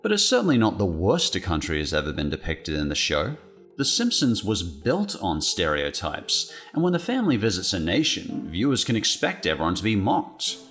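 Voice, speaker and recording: A man's voice: sits low, huge pitch swings, moderate pace, fairly bright tone, soft background music. An Australian man narrating a scripted video with wry, playful asides. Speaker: guest commentator.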